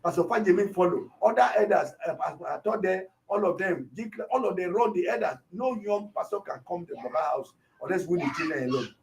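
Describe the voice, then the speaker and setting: A man, a pastor, retelling a shooting and acting out the shouts of the people around him. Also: high voice, fairly quick, creaky, few pauses, distant mic. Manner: animated, acts out shouts of others. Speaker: pastor, interview guest.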